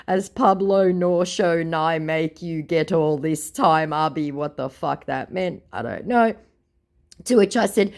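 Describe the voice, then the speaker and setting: A woman's voice: fairly low pitch, big pitch swings, moderate pace, a little mellow. A woman, sarcastically retelling a chat with a scammer in a mocking tone. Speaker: scambaiting vlogger.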